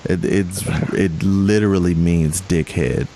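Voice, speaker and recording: Low-voiced guy, young, rambling podcast chat, faint hiss. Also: steady tone, unhurried, dark tone. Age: young adult. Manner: rambling, self-correcting, laughs often. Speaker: podcast co-host. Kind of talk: casual chat.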